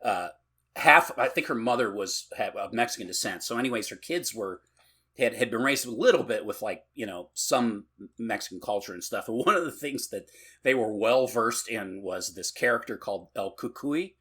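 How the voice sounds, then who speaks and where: Man co-host, casual podcast chat, rambling and profane, lively pitch, husky bright tone. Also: normal speed. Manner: rambling, profane, laughs often.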